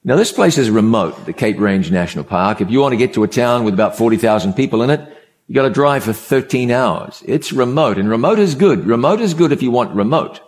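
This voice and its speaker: A man's voice: mid-range voice, lively intonation. A man preaching a sermon, opening with a story and speaking in a conversational way, repeating key words for emphasis. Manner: conversational, repetitive emphasis, measured pauses.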